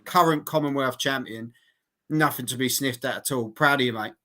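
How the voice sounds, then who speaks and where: Bright-voiced, encouraging interviewer. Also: male voice, medium pitch, normal speed. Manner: friendly, encouraging, says "mate" often. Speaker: interviewer, host. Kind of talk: casual interview chat.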